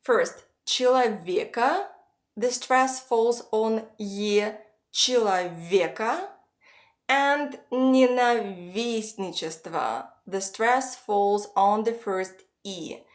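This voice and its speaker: A woman teaching pronunciation in an online lesson, slowly saying long words aloud for the viewer to copy. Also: a little high. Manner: slow, careful modeling of Russian words. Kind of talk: scripted online language lesson.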